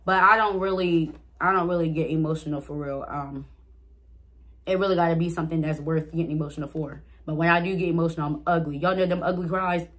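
A woman's voice: deep voice, steady tone, fast, a bit bright. A young woman vlogger casually answering get-to-know-me questions, chatting straight to her viewers. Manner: reads out each question, then answers it.

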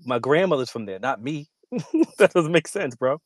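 A man's voice: a little high, expressive, moderate pace, no room sound, clean studio sound. A man from New York arguing in a heated debate, cutting in repeatedly to hold the floor and lay out his case step by step. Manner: interrupts with repeated "hold on", argues methodically. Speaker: debate guest.

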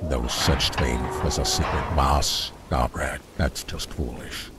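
A man's voice: rumbling low, takes it slowly, over a noisy crowd. A man who teases and mocks the player in a dry, scornful way. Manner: mocking, teasing.

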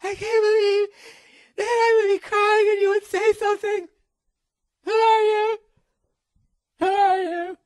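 A man's voice: very high voice, level tone, fast, few pauses, dry recording, pitched above the performer's own voice. Man doing a shrieking, outraged girlfriend. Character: shrill upset young girlfriend, woman.

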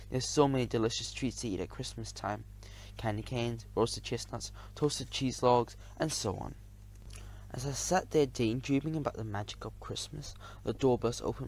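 A man narrating a children's audiobook in the first person, lively and expressive. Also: medium pitch.

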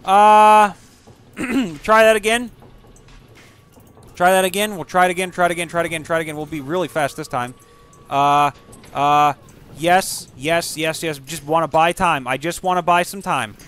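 A man giving profane, excitable live commentary while playing a video game and yelling at what happens on screen. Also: a little high, moderate pace, smooth, faint music behind. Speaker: gaming streamer.

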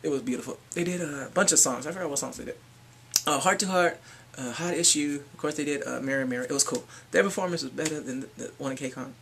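A man giving a casual fan recap vlog, excitable and swinging between whispers and shrieks. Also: fairly high pitch, fast talker, creaky, slight background noise. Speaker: fan vlogger.

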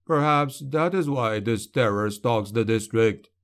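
Man voicing a cunning servant, quiet tone, cautious, measured, storybook reading. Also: medium pitch, natural voice. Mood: cautioning. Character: cunning middle-aged male steward, calm and warning.

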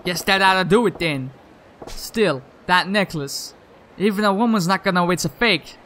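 A man voicing a blunt, cocky gangster in a video game, dropping his voice low with a drawl. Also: moderate pace, sharp tone, a little hiss or hum. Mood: gruff.

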